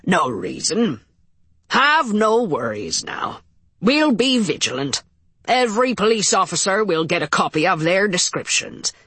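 Woman playing an Irish police captain, gruff and steady, slow measured talk, husky, audiobook. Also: medium pitch, no echo, heavily acted. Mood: measured, reassuring. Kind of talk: audiobook character voice.

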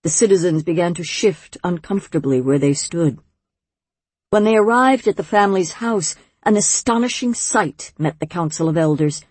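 A woman narrating a fantasy audiobook in a measured, wryly storytelling manner. Her voice sits low and husky, recorded dry and close in a studio. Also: expressive, a little mellow, no echo.

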